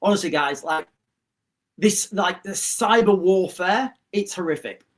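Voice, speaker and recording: Speaking a little slowly in a voice that sits high, this middle-aged man hosts a livestream and rambles through a story for his chat. He restarts many times in this casual storytelling to live viewers.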